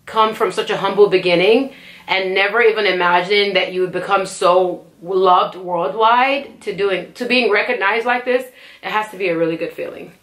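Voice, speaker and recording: A young woman hosting a reaction video, chatting casually and getting emotional and excited as she talks. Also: mid-range voice, normal speed.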